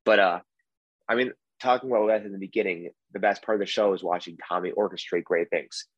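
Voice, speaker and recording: A man's voice: deep voice, steady tone, quick pace, slightly rough, dry recording, muffled recording. A man from the United States, a guest on a podcast, chatting in an easygoing, rambling way. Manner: easygoing, rambling, filler-heavy. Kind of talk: casual podcast chat.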